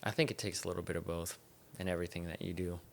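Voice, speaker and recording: A young man with a very deep, low-pitched voice hosts a casual podcast chat. He rambles in a relaxed, easygoing way, swearing and laughing as he goes. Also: racing, gravelly, a little hiss or hum. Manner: laid-back, rambling, swears and laughs often. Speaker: podcast host.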